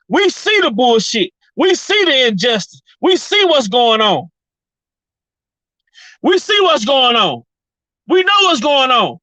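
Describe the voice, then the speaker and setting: A woman's voice: high voice, a bit bright, no echo, rough recording. A woman vlogger delivering a heated, profane opinion rant, repeating her points with fired-up energy. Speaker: commentary vlogger.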